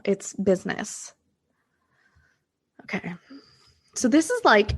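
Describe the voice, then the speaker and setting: A woman's voice: medium pitch, a bit bright. A woman hosting a casual solo podcast, reading oracle cards and talking through her thoughts with lots of fillers. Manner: thinking aloud, many fillers. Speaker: podcast host and manifestation coach.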